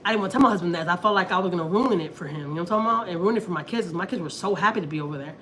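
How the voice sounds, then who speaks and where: A woman's voice: on the low side, rapid-fire, fairly bright tone. A woman from Houston in her thirties, chatting casually on a family livestream and rambling through a personal story as she acts out what people said. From Houston, Texas.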